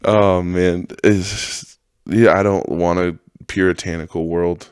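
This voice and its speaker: A man's voice: low voice, fairly even intonation, slow, darkish tone, smooth, no echo, clean studio sound. A man hosting a podcast, ranting casually in a profane, sarcastic, rambling way and laughing often. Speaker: podcast host. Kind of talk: casual monologue rant.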